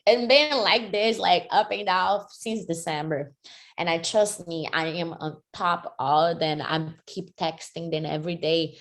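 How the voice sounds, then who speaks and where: A woman's voice: on the low side, unhurried. A woman, a fighter answering interview questions energetically, with many "like" fillers. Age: 30s. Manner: energetic, frequent "like" fillers, second-language phrasing. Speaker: MMA fighter and jiu-jitsu athlete.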